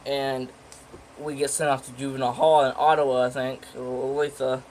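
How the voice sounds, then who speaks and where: A teenage boy tells a story in a loose, rambling way, swearing often and restarting his sentences. His voice sits at an ordinary middle pitch. A faint ambient hiss is heard under him. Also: flat delivery, moderate pace, a little mellow, low-quality recording. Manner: rambling, profane, with many fillers and restarts. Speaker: vlogger. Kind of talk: casual storytelling.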